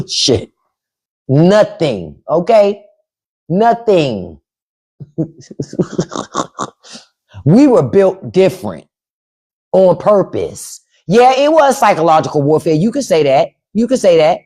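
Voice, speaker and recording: A woman's voice: fairly low pitch, sing-song, slow, long pauses, mellow, breathy edge. A woman in her fifties hosting a casual livestream, blunt and profane, laughing as she quotes her elders. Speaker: podcast host on a livestream. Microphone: phone or webcam livestream mic.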